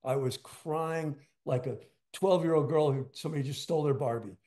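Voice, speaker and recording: Older man, drummer guest; rambling anecdotes, fillers, slightly high voice. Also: normal speed. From United States. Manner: rambling, animated storytelling with many fillers. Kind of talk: storytelling interview.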